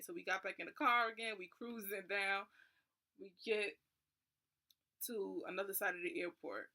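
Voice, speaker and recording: A woman's voice: mid-range voice, moderate pace, long pauses, sharp tone. A young woman vlogger tells a personal story casually. She sounds nervous and keeps saying "like.".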